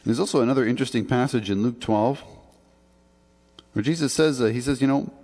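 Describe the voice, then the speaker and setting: A man's voice: mid-range voice, fairly quick, a little mellow. A man preaching a sermon as a pastor, in an earnest, conversational way with emphatic rises on key points. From Canada. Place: church sanctuary. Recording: long church reverb.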